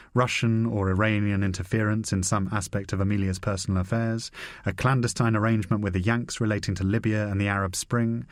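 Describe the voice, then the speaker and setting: A man narrating a spy novel audiobook in a measured, even reading. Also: lowish voice, no echo, studio quality. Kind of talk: scripted narration.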